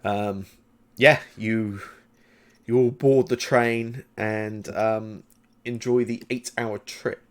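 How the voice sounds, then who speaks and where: A man running a tabletop game as game master, narrating loosely with many pauses and fillers. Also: fairly low pitch, steady tone.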